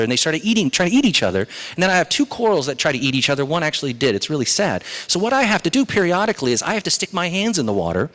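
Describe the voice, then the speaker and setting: A male pastor delivering a sermon, moving between slow, weighty lines and quick, chatty asides. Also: a little high. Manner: animated, shifts between slow emphatic phrases and quick asides.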